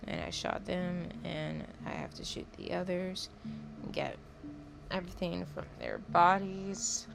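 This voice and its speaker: Woman, casual gameplay commentary at home, rambling, chatty, gravelly voice, lowish pitch. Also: very animated, measured pace, noisy background. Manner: rambling, chatty, self-correcting with fillers. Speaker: gameplay narrator.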